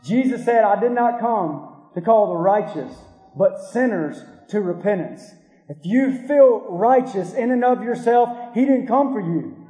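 Man preaching a sermon, very high voice, mellow tone, earnest and confronting, repeated rhetorical questions, echoey hall. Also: expressive, a little slow, soft background music.

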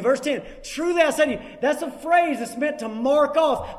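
A man preaches with emphasis, driving his points home by repeating them. His voice sits very high for a man. It rings out with a long reverb, as in a large hall. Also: lively intonation, moderate pace. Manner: emphatic, repeats key phrases. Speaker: pastor. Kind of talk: sermon.

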